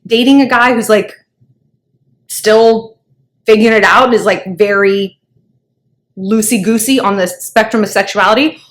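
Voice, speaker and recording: A woman's voice: medium pitch, moderate pace, long pauses. A woman hosting a dating advice vlog, chatting in a gossipy, casual way with lots of filler words. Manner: gossipy, chatty, heavy use of filler likes.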